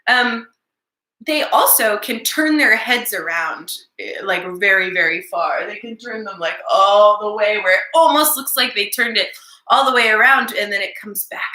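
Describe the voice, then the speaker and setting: A woman's voice: mid-range voice, moderate pace, bright, forceful tone, roomy sound. A young woman teaching a virtual circle time lesson to small children, with a playful, sing-song way of talking. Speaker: preschool teacher.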